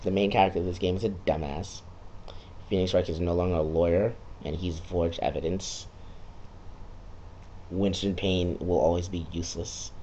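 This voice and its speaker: A man's voice: low-pitched, fairly even intonation, normal speed, pauses often, dark tone, slight background noise. Sarcastic, profane young-sounding man recapping a game. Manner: sarcastic, profane, jumps into quoted voices. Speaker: video game vlogger.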